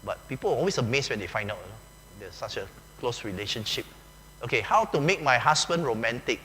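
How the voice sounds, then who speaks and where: A man with a Malaysian English accent preaches in a loose, joking, conversational way, peppering his talk with "okay" and "lah". His tone is bright and forceful. The sound carries a long echo from a large church hall, with a faint hum underneath. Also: medium pitch, animated, brisk. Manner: chatty and joking, often says "okay", uses "lah" and "ah". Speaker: pastor. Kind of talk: conversational sermon.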